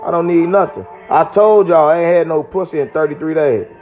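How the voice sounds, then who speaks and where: A man's voice: a little high, a little fast, lo-fi sound, faint music behind. A man with a Chicago accent ranting aggressively on a street vlog, taunting and threatening. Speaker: vlogger. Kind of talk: angry street vlog rant.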